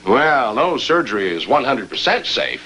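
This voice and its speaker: An actor playing a dry, matter-of-fact family doctor who slips in deadpan jokes. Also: male voice, medium pitch, normal speed, a little hiss or hum, poor audio. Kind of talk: sitcom acting.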